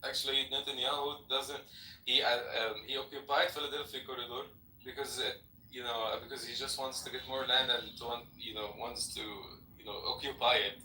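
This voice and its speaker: Man with an Arabic accent, halting. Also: medium pitch, little pitch movement, sharp tone, a little hiss or hum. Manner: halting, many fillers and restarts. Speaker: podcast panelist. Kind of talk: casual political debate. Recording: roomy echo, distant mic.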